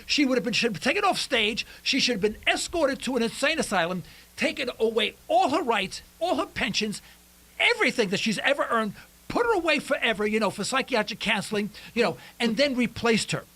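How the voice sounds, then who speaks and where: A man's voice: very high-pitched, brisk, rough recording. A man hosting a radio talk show, rambling and opinionated with lots of restarts. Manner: rambling, animated, with many restarts.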